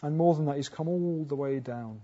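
Speaking at a moderate pace, the preacher earnestly works through his sermon with rhetorical questions and restarted phrases, swinging from loud emphatic highs back down to quiet lows. Sound quality is dull and lo-fi.

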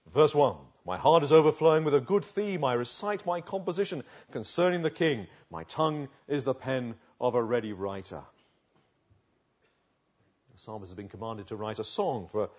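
A man preaching a sermon, swinging from loud urging to hushed, slow pleading. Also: mid-range voice, slightly rough. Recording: dull lo-fi recording.

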